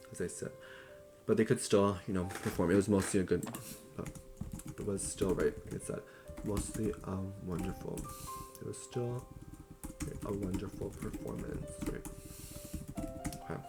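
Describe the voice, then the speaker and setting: A young man with a very low voice talks through a book summary in a loose, chatty way, correcting himself and filling pauses as he goes. Guitar music plays clearly behind him. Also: darkish tone. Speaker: book reviewer.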